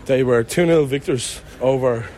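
A man's voice: mid-range voice, normal speed, a little mellow. Young Irish man, podcast co-host, joking banter on a phone recorder with faint street noise behind. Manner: jokey, self-mocking banter. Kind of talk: casual travel chat. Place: outdoors and in an airport, walking through a city.

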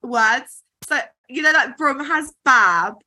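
Very bright, chatty young woman. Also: high-pitched, animated, slow. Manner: chatty, playful, laughs often. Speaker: podcast co-host. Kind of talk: casual chat.

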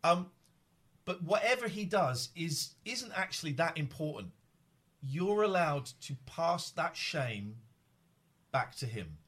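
A man hosting an emotional conversation, earnest and halting, with frequent restarts. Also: on the high side, animated, a bit bright, slightly rough.

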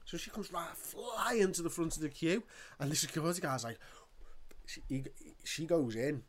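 A man telling a story in casual chat, animated and ranting, swearing often. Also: fairly high pitch, normal speed, slight background noise.

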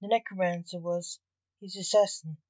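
A woman narrating a story in an even, measured reading. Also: on the low side, no room sound. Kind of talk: scripted narration. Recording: dull, dry recording.

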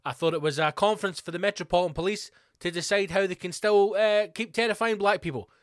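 A man's voice: sits high, fast, no room sound, clean studio sound. Sweary Glasgow man ranting solo. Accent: Scottish, Glasgow. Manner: sweary, sarcastic, rambling rant. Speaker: podcast host.

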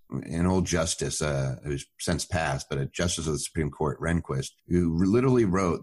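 A man talking as a tax advisor guest on a podcast, explaining in a confident, plainspoken way. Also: very deep voice. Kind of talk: podcast interview.

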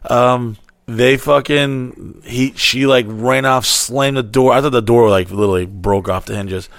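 With a gravelly, mid-range voice and a measured pace, a man animatedly recounts a wild tale on a podcast, cursing freely and performing the quoted lines. The studio sound is clean, with no echo.

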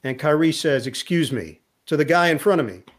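Lively storytelling man, slightly high voice. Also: fairly quick. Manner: lively anecdote teller who acts out quotes. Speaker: guest; sports broadcaster. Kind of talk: storytelling in a podcast interview.

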